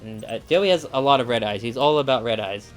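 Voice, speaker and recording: A man's voice: medium pitch, fairly quick, faint music behind. Rambling man commenting on gameplay. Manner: rambling, chatty, many fillers. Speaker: let's play gamer.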